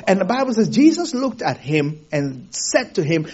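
Male pastor, sermon, high lively voice, chuckles often, asks the congregation questions, dull lo-fi sound. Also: normal speed, hardly any pauses, breathy edge. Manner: animated, laughs often, rhetorical questions to the congregation. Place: theater used for a church service.

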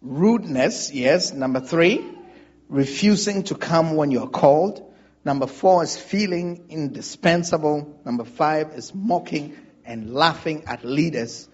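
A man's voice: on the high side, a little slow, breathy edge, muffled recording. A male pastor preaching a sermon, drawing call-and-response from the congregation.

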